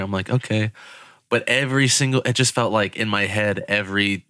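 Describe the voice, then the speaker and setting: A man's voice: lowish voice, a little fast, no echo, studio quality. A young man, a podcast co-host, casually telling a story with frequent laughter and swearing. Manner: laughing, swearing, animated retelling.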